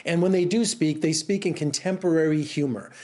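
A man's voice: a little high, brisk, a little mellow. A middle-aged man reviewing a film in a casual, rambling way, exasperated and full of restarts. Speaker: film critic. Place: Las Vegas.

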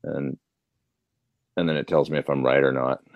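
A man's voice: very deep voice, steady tone, moderate pace, no room sound, highs cut off. A man chatting casually and at length, answering viewer questions about gear and hobbies. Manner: rambling, chatty. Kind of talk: casual chat.

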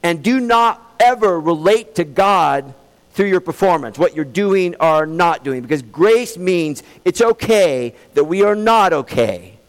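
A man preaching a sermon in an earnest, pleading way, slowing down to stress key words. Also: high-pitched, lively intonation. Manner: earnest, pleading, slows for emphasis. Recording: long hall reverb.

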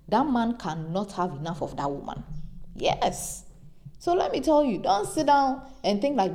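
A young woman hosting a podcast, talking off the cuff and giving emphatic advice with animated storytelling. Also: a little fast. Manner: emphatic, animated storytelling with sudden high exclamations. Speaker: podcast host. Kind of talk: unscripted advice monologue.

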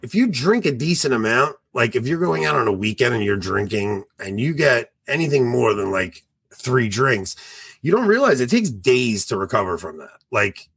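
A man in his forties with a slightly husky, breathy voice at a middle pitch, chatting on a podcast. He tells stories with lots of energy and slips into other people's voices. The sound is dry and close to the mic. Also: normal speed, no echo. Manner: animated storyteller, acts out quoted voices. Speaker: podcast co-host. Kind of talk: casual chat.

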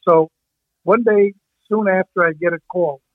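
A man's voice: sits high, unhurried, dry recording. An older man from Brooklyn, telling stories from his coaching days in a rambling way, often stopping and restarting. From Brooklyn, New York. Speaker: hockey coach. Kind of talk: reminiscing storytelling. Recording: tinny phone-like dry sound.

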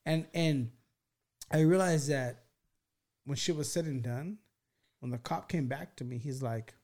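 Dude on a podcast telling a crazy story, swears constantly, keeps restarting, bit high-pitched voice. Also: male voice, normal speed, long pauses. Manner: profane, rambling, lots of restarts; animated, acts out quoted voices. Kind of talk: casual storytelling.

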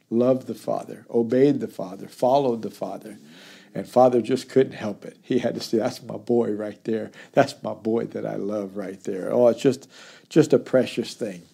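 A man's voice: mid-range voice, vocal fry, warm tone, slightly rough. A middle-aged man, a pastor, teaching a daily Bible study, reading verses and explaining them earnestly.

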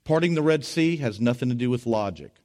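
A man preaching a sermon as pastor, telling stories with humor and swinging between loud bursts and hushed asides. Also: medium pitch, expressive, a little fast. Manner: tells stories with humor and acts out quotes.

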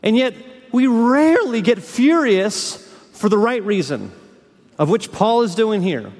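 High-voiced pastor preaching in a reverberant hall. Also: male voice, big pitch swings, measured pace. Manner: dramatic swings between hushed lows and fiery peaks. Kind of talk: sermon.

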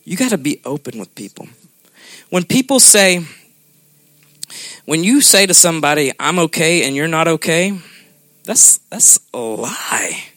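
Male preacher, bright slightly high voice, dry close sound, conversational sermon. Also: animated, moderate pace, pauses often, no room sound. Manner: conversational preaching with frequent "okay?" check-ins.

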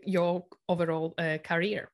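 A woman co-hosting an interview podcast speaks slowly and hesitantly, with frequent fillers between her words. Her phrasing is formal and careful, as she chooses each word deliberately. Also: on the low side, little pitch movement. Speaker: podcast co-host.

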